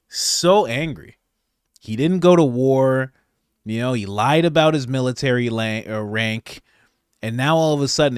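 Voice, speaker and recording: A man hosting comedic political commentary, animated and laughing, jumping between loud exclamations and mumbled asides. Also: medium pitch, dry recording, studio quality. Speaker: commentary channel host.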